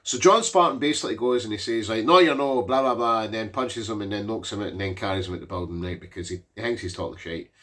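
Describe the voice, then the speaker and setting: A man's voice: lowish voice, fast talker, few pauses, a bit bright. A man in his forties giving a casual, rambling film recap, swearing freely and leaning on fillers. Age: 40s. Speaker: movie reviewer.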